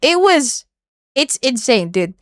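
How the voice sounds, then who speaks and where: A high-pitched woman streamer reacting to a video, blunt and full of swearing. Her voice is recorded dry and close on a streaming mic, with no room sound. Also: sing-song, slow pace, a bit bright, dry recording. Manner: blunt, profane, bursts into shrieks and laughter. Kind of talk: casual reaction commentary.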